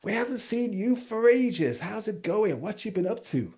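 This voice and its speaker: A man putting on a fussing, high hostess. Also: moderate pace. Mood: welcoming. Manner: fussy, hospitable, excited. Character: warm, fussing hostess welcoming old friends.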